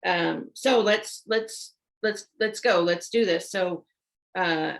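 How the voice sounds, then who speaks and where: A woman gives an informal online sermon, reads scripture, and urges listeners on with "okay?" and "y'all", stumbling and restarting when she rushes. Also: lowish voice, gravelly. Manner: urgent and exhortative, repeats herself, frequent "okay?" and "y'all". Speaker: online preacher.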